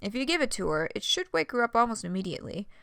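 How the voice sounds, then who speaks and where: A woman's voice: medium pitch, big pitch swings, fast, vocal fry, fairly bright tone, clean tone, dry recording, studio quality. A woman doing a breezy, casual young man.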